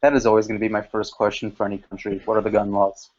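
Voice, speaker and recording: A man's voice: lowish voice, level tone, rapid-fire, a little mellow, lo-fi sound. A man who is a university student, defending himself indignantly on a group voice call. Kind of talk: casual group chat over voice call.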